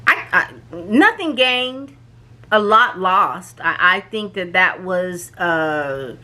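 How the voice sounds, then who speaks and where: Animated woman recapping a show. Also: fairly low pitch, takes it slowly. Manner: animated storytelling, acts out quoted lines, frequent restarts and fillers. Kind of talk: casual spoken recap.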